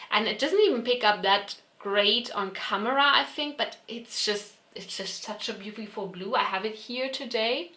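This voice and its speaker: A woman's voice: mid-range voice, bright, forceful tone, roomy sound. A woman giving a casual makeup palette review. She chats freely and leans on fillers like "like" and "you know". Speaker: beauty vlogger.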